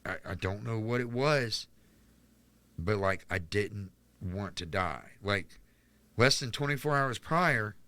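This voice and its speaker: In a dry recording, a man from Charlotte, North Carolina, US, talks slowly with a low, pushed, bright voice and lively intonation. As a guest on a podcast, he tells his life story in a casual interview, rambling candidly and using "like" a lot.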